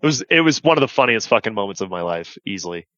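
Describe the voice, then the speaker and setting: A man's voice: on the low side, big pitch swings, quick pace, fairly bright tone, no echo, highs cut off. A man casually telling profane war stories on a podcast, acting out radio calls. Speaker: veteran guest telling stories.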